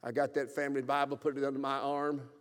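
A man in his seventies preaching a revival sermon, telling his own story and swinging from loud exclaiming to hushed, tearful telling. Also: mid-range voice, little pitch movement, fast talker, big-room sound. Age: 70s. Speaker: pastor. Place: church sanctuary.

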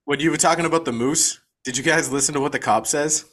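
A man with a bright, forceful voice argues a point on a video-call podcast, swearing freely and hammering his words home by repeating them. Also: fairly high pitch, quick pace. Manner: emphatic, profane, repeats himself for emphasis. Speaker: podcast co-host. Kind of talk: casual movie discussion.

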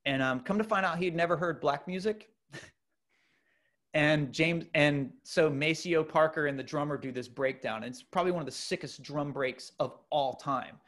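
A middle-aged man telling a long personal story in casual conversation, loose and animated with many fillers and restarts. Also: on the high side, moderate pace.

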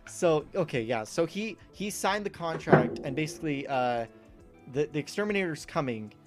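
A man's voice: on the high side, expressive, normal speed, faint music behind. A man in casual podcast chat, recapping a movie in a rambling way, laughing often and restarting his sentences. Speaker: podcast co-host.

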